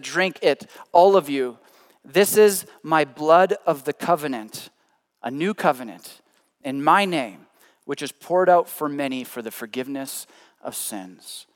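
Animated male preacher in a big hall. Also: a little high. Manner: animated storytelling, swinging from loud to hushed. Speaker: pastor. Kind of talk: sermon.

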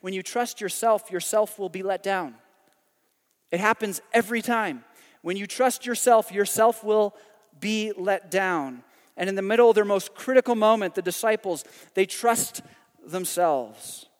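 A man preaching a sermon, animated and emphatic, swinging between loud climaxes and quiet, hushed drops. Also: high-pitched, a little slow, long reverb tail. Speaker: pastor.

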